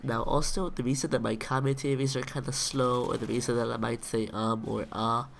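Nasal Israeli-accented man, slow. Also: mid-range voice, level tone, vocal fry, a bit bright, a little hiss or hum. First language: Hebrew. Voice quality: nasal, congested-sounding. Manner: slow and deliberate, pausing to find English words. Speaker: gaming video commentator. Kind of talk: casual talk to camera.

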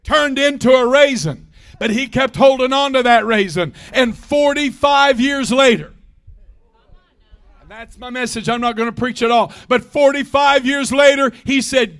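A man in his sixties preaching a fervent Pentecostal sermon in a church, often shouting and calling for responses. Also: very high voice, moderate pace. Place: church sanctuary.

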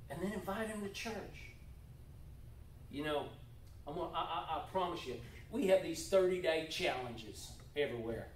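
A man preaching a sermon as pastor, folksy and animated, with jokey asides and repeated words. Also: fairly high pitch, normal speed, slight background noise. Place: church sanctuary. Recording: echoey church hall, mic at distance.

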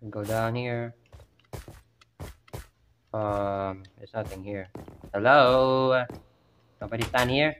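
A man's voice: medium pitch, fairly even intonation, slow, pauses often, noisy background. A man commenting on a horror game playthrough at home, talking to himself and yelping at every scare. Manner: jumpy, yelps and exclaims at scares, chatty self-talk. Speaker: gamer playing a horror map. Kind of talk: gameplay commentary. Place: at home with family nearby.

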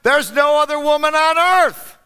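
A man's voice: very high-pitched, unhurried, sharp tone, pitched above the performer's own voice, full character voice. A man voicing an exasperated husband who protests his innocence. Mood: indignant. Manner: indignant, protesting. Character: exasperated husband defending himself.

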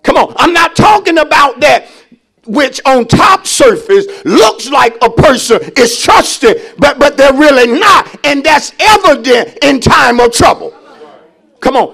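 High-voiced shouting preacher man. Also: sing-song, measured pace, vocal fry. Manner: preaching with call-and-response, shouting emphasis. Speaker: pastor. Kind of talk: call-and-response sermon.

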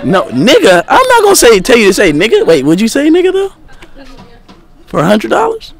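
A man's voice: very high voice, wildly swooping pitch, a little fast, vocal fry, some chatter behind. A young man vlogging outdoors at night, joking and teasing while filming on a handheld phone. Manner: joking, teasing, laughing often. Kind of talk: casual prank vlog.

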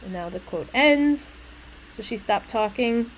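A woman lecturing on a poem, chatty and animated, breaking off into casual asides as she explains. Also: a little high, a little slow, rough recording. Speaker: literature lecturer. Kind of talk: recorded lecture reading a poem aloud.

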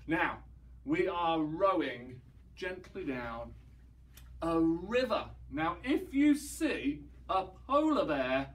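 A man leading young children through an action song, singing slowly and playfully acting out the sounds. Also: on the high side, big pitch swings, far from the mic. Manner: playful, sings slowly, mimes and acts out sounds. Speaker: children's singing session leader.

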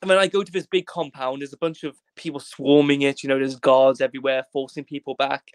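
A man's voice: mid-range voice, fast, few pauses, dry recording. A young man from Wales, a podcast guest telling a rambling, jokey story in casual chat, swearing freely and acting out the voices of the people in it. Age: young adult.

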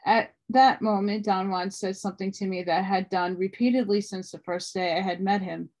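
A woman reading a book aloud at a steady pace, with small restarts along the way. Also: mid-range voice, moderate pace. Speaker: audiobook reader.

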